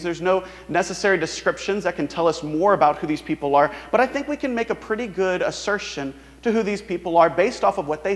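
A man preaching a sermon in an earnest, emphatic way. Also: long reverb tail. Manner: earnest, emphatic preaching, voices the mockers in a higher sneering tone. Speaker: pastor.

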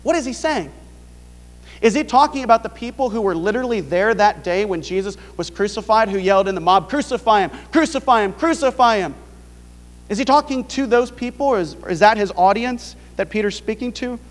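A man's voice: sits high, brisk, big-room sound. A male pastor preaching a sermon, pressing his point with rhetorical questions.

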